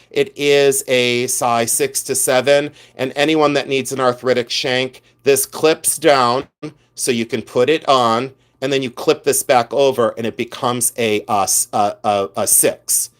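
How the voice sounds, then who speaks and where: A middle-aged man hosting a casual jewelry livestream, chatty and excitable, often breaking into exclamations. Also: mid-range voice, smooth. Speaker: livestream host selling jewelry.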